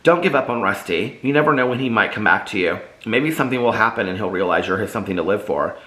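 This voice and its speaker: A man's voice: lowish voice, expressive, quick pace, pushed and bright, reverberant. A man reading as a heartfelt loving uncle. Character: tender older uncle, loving and wistful.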